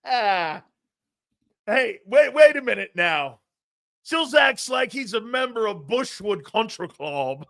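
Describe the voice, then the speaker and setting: Man, middle-aged, from Connecticut, high-pitched, sports talk host, jokey, excitable, loud outbursts. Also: slow, creaky. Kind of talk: live sports talk, reading viewer chat.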